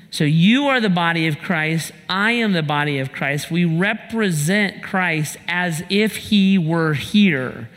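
A man's voice: on the high side, fairly bright tone, big-room sound. A male pastor giving a conversational sermon, asking rhetorical questions and telling personal stories.

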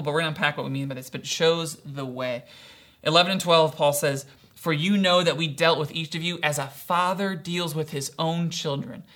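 Young male pastor, bright voice, casual sermon delivery with many "right"s and "kinda"s. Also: a little high. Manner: acts out quoted voices in storytelling.

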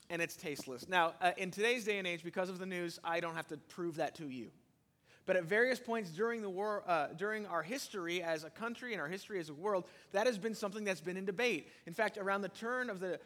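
A man with a slightly high voice delivers a sermon from the pulpit. He leans hard into key phrases, then drops low and quiet. His voice carries a long reverb tail through the large hall. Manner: animated preaching, rising and dropping loudness for emphasis. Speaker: pastor.

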